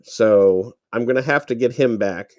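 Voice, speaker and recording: A man's voice: medium pitch, unhurried, a little mellow, dry recording. A man hesitantly talking through flying a craft in a space game. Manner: hesitant, focused on the controls. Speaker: game player piloting. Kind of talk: casual gaming chat.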